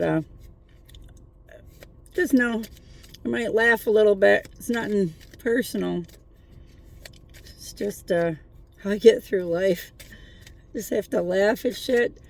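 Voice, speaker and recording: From a parked car at night, a tarot reader with a medium-pitched voice and vocal fry delivers a casual spiritual pep talk. Earnest encouragement blends with swearing and jokes.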